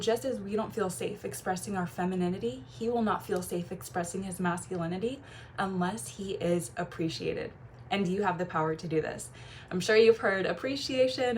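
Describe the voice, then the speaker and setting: Young woman, relationship coach, chatty and effusive, laughs often, faint hiss behind. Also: medium pitch. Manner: warm, gushing, quick laughs and playful quoted voices. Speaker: feminine energy coach. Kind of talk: casual talking-to-camera advice.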